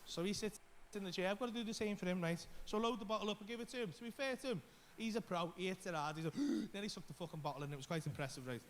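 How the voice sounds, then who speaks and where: A man telling a story as a stand-up comedian, animated and profane, acting out the voices and screams. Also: high-pitched, very fast, a little hiss or hum.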